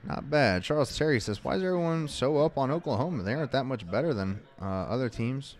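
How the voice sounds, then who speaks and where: This man's medium-pitched voice is animated and brisk. He's co-hosting a casual watch party stream, calling plays and reading viewers' comments aloud, sounding wry and exasperated.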